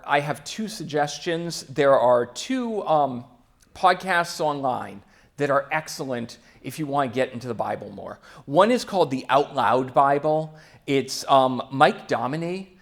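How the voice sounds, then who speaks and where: Chatty young man giving a casual sermon. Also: fairly high pitch. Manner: chatty, with fillers and quick asides. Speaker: church speaker.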